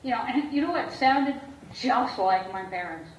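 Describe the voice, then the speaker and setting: Her voice is on the high side and animated, moving at a normal speed as this woman therapist talks openly to an audience about her life. Frank and quick to laugh, she acts out quoted voices. The audio carries a slight hiss or hum and sounds dull and lo-fi, recorded far off in an echoey space.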